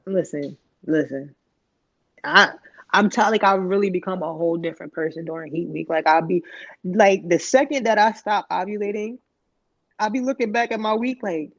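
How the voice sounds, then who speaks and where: A woman's voice: lowish voice, normal speed, dry recording, muffled recording. A woman co-hosting a casual podcast chat, talking in slangy, profane, rambling bursts. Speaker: podcast co-host.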